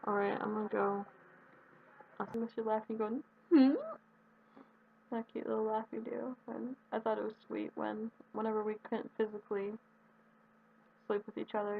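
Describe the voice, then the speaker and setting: A young woman with a slightly high voice and very heavy vocal fry talks earnestly and at length in a personal video message, often stopping and restarting. The audio is tinny and phone-like, with a faint hiss underneath. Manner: earnest and rambling, with halting restarts. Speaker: vlogger addressing her absent partner.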